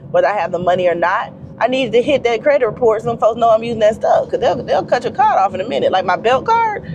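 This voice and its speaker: A woman's voice: mid-range voice, a little mellow, slight background noise. A woman vlogger with a stuffy nose, rambling in casual chat straight to her viewers.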